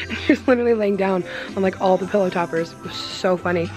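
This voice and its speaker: Casting: mujer joven, tono de charla de vlog, burbujeante y risueña, con música de fondo. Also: female voice, medium pitch, steady tone, brisk, pauses often, music in the background. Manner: bubbly, giggly, says "like" often. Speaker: vlogger. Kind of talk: casual vlog chat.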